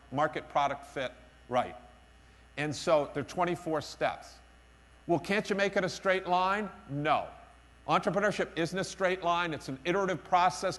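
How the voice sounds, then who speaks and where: A man's voice: on the high side, fairly bright tone. A man giving a conference keynote speech, emphatic and self-deprecating, repeating his key phrases. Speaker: keynote speaker. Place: conference hall. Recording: long reverb of a conference hall.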